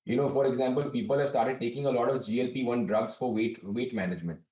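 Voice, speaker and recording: Company director explaining, distant roomy sound. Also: male voice, medium pitch, fairly even intonation, warm tone. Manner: measured, explanatory, frequent restarts. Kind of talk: business interview answers. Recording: distant, roomy remote link.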